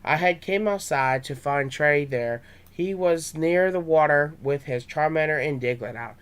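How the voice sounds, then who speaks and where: A man's voice: fairly high pitch, a little slow, a bit bright, clean tone. A young man reading his own fan story aloud, with small stumbles and restarts.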